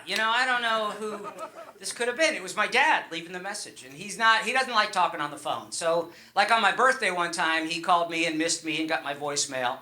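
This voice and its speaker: On a club stage, a middle-aged man from Long Island, New York, performs a stand-up set, rambling loosely with fillers and restarts. His voice is high and bright, with a forceful tone.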